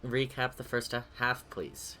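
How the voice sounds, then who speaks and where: A game master closing a scene and opening a session of a tabletop game, slow and easygoing, often laughing. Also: mid-range voice, fairly even intonation, slight background noise. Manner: slow, laughs easily, gently directs the table. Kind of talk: game master narration and banter.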